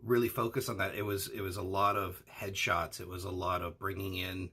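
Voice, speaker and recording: A man's voice: deep voice, level tone, brisk, pushed and bright, husky. A man co-hosting an anime discussion, asking his partner questions and hedging with fillers as he talks. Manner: asks questions, hedging with fillers like "uh" and "you know". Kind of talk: casual analytical discussion.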